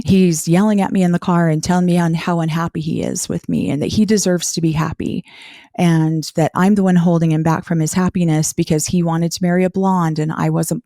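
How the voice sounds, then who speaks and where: Woman interview guest, candid and earnest, lowish mellow voice. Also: dry recording, studio quality. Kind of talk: personal life story in conversation.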